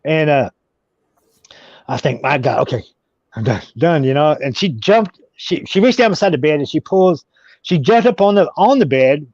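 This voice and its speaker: Halting, rambling man telling a story. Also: on the high side, animated, a little mellow, no room sound. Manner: halting, repeats words and restarts. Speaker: guest. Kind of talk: casual storytelling. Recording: dull, dry audio.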